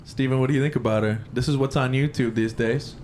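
A man hosting a podcast in casual chat, loud and excitable, swearing freely. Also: mid-range voice, fast talker, slight background noise. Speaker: podcast host. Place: podcast studio.

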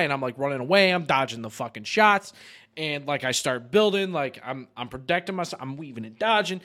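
Animated young man telling gaming stories. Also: on the high side, moderate pace. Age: young adult. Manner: animated storyteller, swears often, laughs mid-sentence. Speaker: podcast host. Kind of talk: casual podcast chat.

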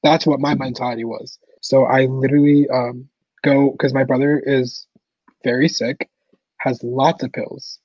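A young man with a husky, slightly breathy voice recounts his story in an easygoing way, peppering nearly every phrase with "like". The recording is dry and a bit dull, with no room around him. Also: mid-range voice, level tone, unhurried, a little mellow, dry recording. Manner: casual, heavy use of "like" fillers. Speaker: podcast guest. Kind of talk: personal storytelling interview.

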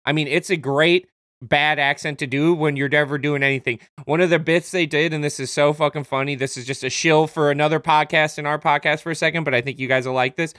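A man's voice: on the high side, steady tone, fairly quick, fairly bright tone, dry recording, studio quality. A man co-hosting a podcast in casual, joking banter, swearing and slipping into silly voices. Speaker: podcast co-host.

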